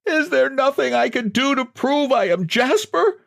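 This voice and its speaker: A man's voice: very animated, moderate pace, vocal fry, exaggerated voice. A man voicing a broken middle-aged clerk who pleads pitifully to be believed. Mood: pleading. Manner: pitiful, high and begging.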